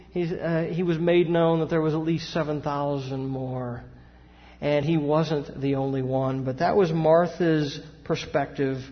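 A man, a pastor preaching a sermon with emphatic rises and rhetorical questions. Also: a little high. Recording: dull sound with long hall reverb.

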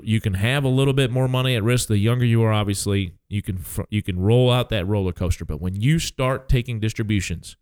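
A man's voice: lowish voice, darkish tone, smooth, dry recording. A man in his sixties hosting a casual financial talk show as an advisor, speaking emphatically and tagging his points with "okay?".

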